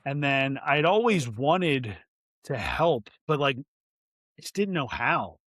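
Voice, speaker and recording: A man's voice: mid-range voice, sing-song, takes it slowly, fairly bright tone, no room sound, clean studio sound. A man guest on a podcast, talking candidly and earnestly, with restarts and many fillers. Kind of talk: candid interview talk.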